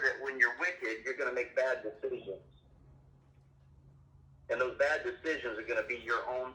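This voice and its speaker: Stern preaching father, bright echoey phone audio. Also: mid-range voice. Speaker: father leading family Bible study. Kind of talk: preachy scripture teaching. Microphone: phone call. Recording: echoey, distant phone recording, faint noise.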